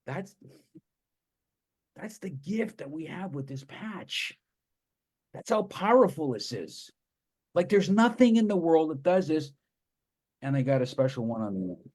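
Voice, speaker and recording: A man talks to an audience in an enthusiastic, storytelling way. His voice sits a little higher than most men's. He runs through his points with eager energy. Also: sing-song, a little slow, pauses often, darkish tone. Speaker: presenter. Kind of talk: live presentation to an audience.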